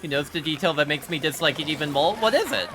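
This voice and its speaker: A man's voice: fairly high pitch, level tone, very fast, noisy background. A man streaming a horror game live, joking with chat and reacting aloud as he plays. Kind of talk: live gameplay commentary.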